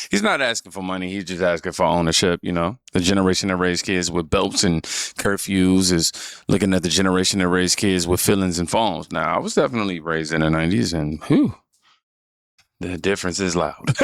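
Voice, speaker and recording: Deep gravelly man giving calm commentary. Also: a little fast, no echo, clean studio sound. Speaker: reaction channel host.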